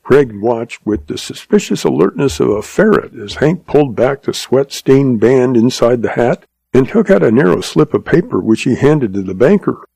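A man narrating a western story in a steady, measured audiobook reading. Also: medium pitch, gravelly, husky, dry recording.

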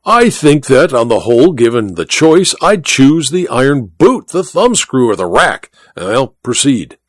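A man's voice: mid-range voice, very animated, measured pace, no echo, clean studio sound. A man voicing a pompous, irascible old duke in an audiobook reading, blustering and exclamatory. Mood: imperious. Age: older. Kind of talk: audiobook character voice.

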